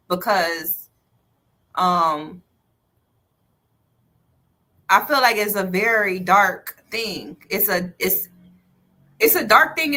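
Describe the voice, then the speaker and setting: A woman's voice: medium pitch, sharp tone. A woman co-hosting a radio talk show, speaking frankly and opinionatedly, swearing freely. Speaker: co-host.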